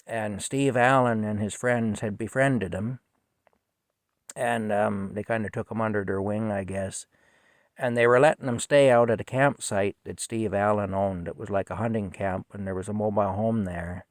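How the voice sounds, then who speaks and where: A middle-aged man tells a story in a casual, rambling monologue. His voice sits low, and he talks in a halting, emotional way. The sound is dry and close, with no room echo. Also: steady tone. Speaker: vlogger telling a personal story.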